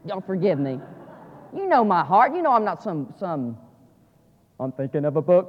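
A man preaching a sermon, dropping to quiet asides and rising to loud, emphatic climaxes. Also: lively intonation, a little fast. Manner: swings from low asides to shouted climaxes. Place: church sanctuary. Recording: lo-fi audio with long church reverb.

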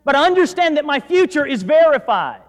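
A man with a North Georgia accent preaching a sermon as pastor, dropping to quiet asides and then rising to loud, emphatic declarations. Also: very high-pitched, big pitch swings, fairly quick. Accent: North Georgia Southern US. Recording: preached in a reverberant hall.

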